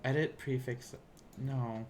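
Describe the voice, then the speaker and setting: A man's voice: medium pitch, fairly even intonation, slow, a little mellow, slight background noise. A man with a Southern US accent giving a casual live-streamed language lesson, rambling and self-deprecating as he thinks aloud. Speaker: language teacher. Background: keyboard typing.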